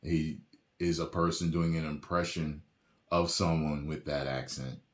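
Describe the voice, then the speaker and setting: A man hosting a reaction video, chatting casually with animated jokes and frequent laughter, recorded at home. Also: very deep voice, measured pace, echoey room. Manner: animated, laughs often, jokey asides. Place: home room with a printer.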